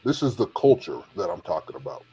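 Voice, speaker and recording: A man with a husky, slightly rough voice, talking in a casual panel chat. He lays out his points firmly, repeating and correcting himself as he drives his argument home. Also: sits low, big pitch swings, brisk, warm tone, low-quality recording. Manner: assertive, explaining and correcting points. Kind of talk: casual discussion.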